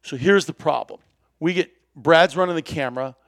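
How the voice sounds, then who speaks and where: A man telling a hunting story in lively, animated fashion, acting out the dialogue and laughing often. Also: fairly high pitch, moderate pace, no room sound, studio quality.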